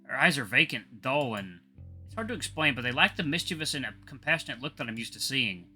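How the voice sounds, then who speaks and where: A man narrates a visual novel aloud and keeps tripping over words before correcting himself. His voice is bright and sharp, and the pitch swings widely. Soft guitar music plays quietly in the background. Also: brisk. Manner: lively, with frequent self-corrections.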